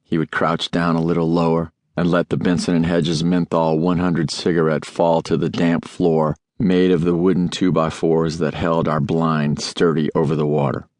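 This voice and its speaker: A man reading a memoir aloud as an audiobook narrator, in a measured, deliberate way. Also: low-pitched, level tone, a little mellow, dry recording, clean studio sound.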